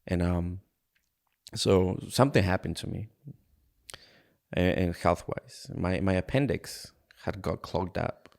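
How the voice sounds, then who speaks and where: An earnest man from Ecuador tells his own story as a podcast guest. His voice sits low and carries a gravelly, rough edge. He talks in a candid, halting way and acts out past conversations as he goes. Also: a little mellow. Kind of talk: candid personal storytelling in an interview.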